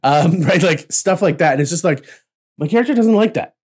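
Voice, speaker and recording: A man hosting a casual chat about tabletop roleplay, chatty and quick to laugh. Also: on the high side, animated, a little mellow. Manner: chatty, laughs often, slips into playful voices. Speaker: podcast host, dungeon master.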